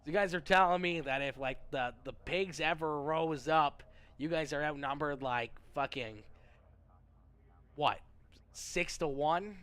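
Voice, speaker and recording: A man's voice: fairly high pitch, fairly bright tone, clean tone. A man livestreaming and chatting casually with his viewers. He rambles, jokes and repeats himself, and says he is not feeling well. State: feeling unwell. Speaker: livestreamer reading chat.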